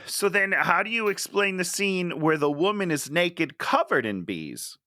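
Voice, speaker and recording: A man's voice: high-pitched, big pitch swings, a little slow, pushed and bright, no room sound. A man co-hosting a podcast in casual chat, mocking and swearing, laughing often. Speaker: podcast co-host.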